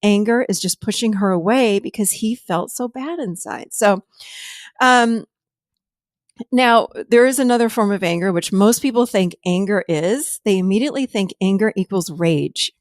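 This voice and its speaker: A middle-aged woman hosting a podcast, telling stories from her therapy practice in an animated way and sometimes laughing as she talks. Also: mid-range voice, moderate pace, dry recording, clean studio sound. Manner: animated storytelling, laughs while talking. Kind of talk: casual chat.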